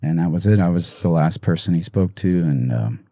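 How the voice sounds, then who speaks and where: Soft-spoken man with a low dark voice. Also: expressive, dry recording, studio quality. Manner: halting, soft-spoken, many fillers and restarts. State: emotional, choked up. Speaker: musician guest. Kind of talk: podcast interview.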